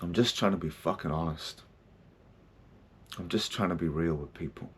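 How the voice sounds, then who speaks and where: A man's voice: deep voice, normal speed, husky. A middle-aged man from New Zealand, a counselor hosting his own podcast, talking in a raw, emotional, heavily swearing way. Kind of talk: confessional solo podcast talk.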